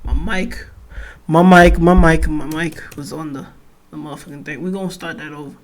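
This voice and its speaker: Stuffy-nosed young man, high voice. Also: moderate pace. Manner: rambling, excitable, slangy. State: stuffy blocked nose. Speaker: reaction video host. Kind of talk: casual reaction commentary.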